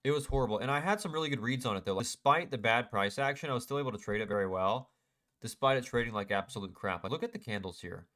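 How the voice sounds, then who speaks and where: A man's voice: mid-range voice, quick pace, fairly bright tone. Self-critical man recapping his trades. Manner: self-critical, frustrated, talks through chart mistakes. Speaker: day trader. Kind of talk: casual screen-share trade recap.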